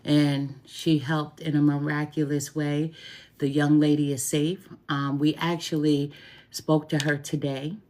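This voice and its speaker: A woman's voice: low-pitched, flat delivery, a little slow, mellow. A middle-aged woman, a tarot reader and root worker, talking casually to camera, chatty and heartfelt, repeating her phrases for emphasis. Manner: heartfelt, openly grateful.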